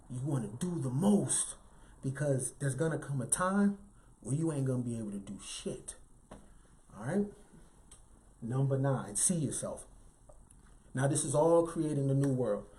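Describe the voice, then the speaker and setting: A man working as a motivational speaker gives a lively, forceful talk in a mid-range voice that still sounds light and youthful. He frequently finishes his statements with "right?"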